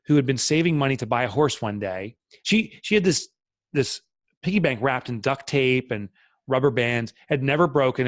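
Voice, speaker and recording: A man's voice: medium pitch, dry recording. A middle-aged man, a podcast guest, telling a candid personal story in an earnest, reflective way with many fillers.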